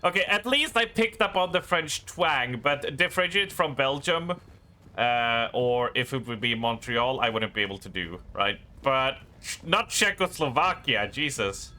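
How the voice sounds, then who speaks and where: Bright-voiced Swedish man, rambling stream chat. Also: mid-range voice, animated. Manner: rambling, self-deprecating, halting restarts. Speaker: gaming streamer. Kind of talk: casual live-stream chat.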